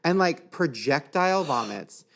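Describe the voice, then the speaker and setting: A young man hosting a podcast, chatting casually and telling an animated story, putting on voices for the people in it. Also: fairly high pitch, measured pace, gravelly. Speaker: podcast host. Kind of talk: casual chat.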